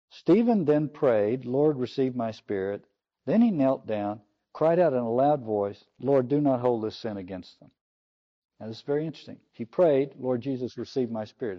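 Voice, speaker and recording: A man preaching a sermon on scripture, thoughtful and explanatory, lifting his voice for quoted speech and letting line ends fall low. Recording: slightly dull lo-fi sound.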